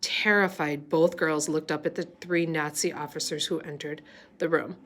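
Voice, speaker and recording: A woman reading a novel aloud, unhurried, with small slips and restarts. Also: deep voice, steady tone, a little hiss or hum. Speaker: reader.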